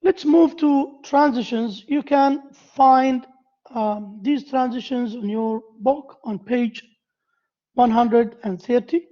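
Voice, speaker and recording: A woman with an Arabic accent giving a university lecture. She pauses often, repeats key phrases and asks the class questions. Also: on the high side. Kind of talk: classroom lecture on essay writing. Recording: dull lo-fi lecture recording.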